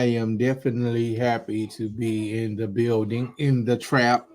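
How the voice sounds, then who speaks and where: A man hosting a podcast with a casual intro, talking in a loose, animated way with some halting and throat-clearing. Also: mid-range voice. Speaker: podcast host.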